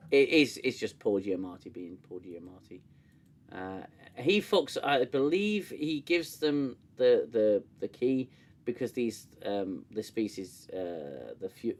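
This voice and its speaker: A man hosting a casual livestream review, sarcastic and animated, swearing freely. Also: lowish voice. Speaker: show host reviewing an episode.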